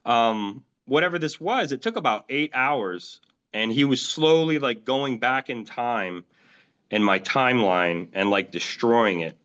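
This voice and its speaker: Male interview guest telling his own story; halting, filler-heavy delivery, average pitch, dull low-fidelity recording. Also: expressive, a bit bright, clean tone. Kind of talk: recounting personal experiences in an interview. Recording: dull lo-fi audio.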